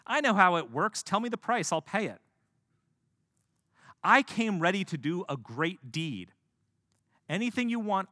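A preacher voicing an offended, proud foreign commander who demands to be treated with respect. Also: male voice, mid-range voice, fairly bright tone, dry recording, studio quality, in a large hall. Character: indignant proud foreign army commander, male.

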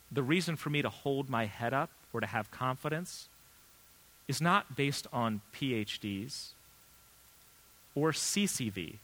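A man in his thirties, a pastor, preaching a sermon in an earnest, conversational way with emphatic pauses. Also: mid-range voice, a bit bright.

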